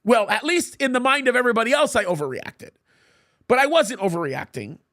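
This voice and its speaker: A man's voice: very high-pitched, animated, a little fast, sharp tone. A middle-aged man hosting a live talk show, telling stories and explaining his views emphatically, often repeating words as he starts a sentence. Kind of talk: live commentary and storytelling.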